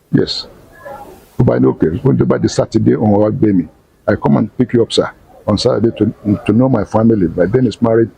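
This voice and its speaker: Older man, Nigerian accent, gravelly and raspy voice, dark tone, animated storyteller. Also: fairly low pitch, fast, no room sound, low-quality recording. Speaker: retired teacher and academic. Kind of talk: storytelling interview.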